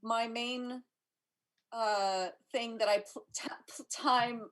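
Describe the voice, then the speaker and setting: A woman's voice: on the high side, steady tone, takes it slowly, fairly bright tone. A woman who plays in a tabletop game, chatting casually and playfully. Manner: playful, laughs often. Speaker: player.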